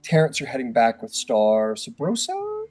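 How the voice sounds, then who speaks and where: A man's voice: medium pitch, wildly swooping pitch, moderate pace, a little mellow, no room sound, low-quality recording. A man narrating as game master, rambling and hedging with lots of fillers.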